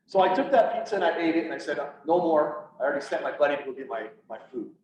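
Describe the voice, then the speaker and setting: A man's voice: on the high side, expressive, fast talker, darkish tone. Man telling a raw personal story. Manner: candid, blunt, acts out quoted dialogue. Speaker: public speaker, police officer. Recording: echoey, distant, slightly dull, faint hiss.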